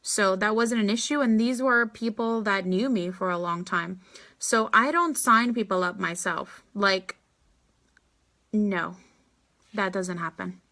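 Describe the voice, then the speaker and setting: Bright, blunt, chatty woman. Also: medium pitch. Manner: chatty and blunt, quick asides, acts out her replies. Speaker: network marketing leader answering viewer questions. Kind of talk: casual live Q&A.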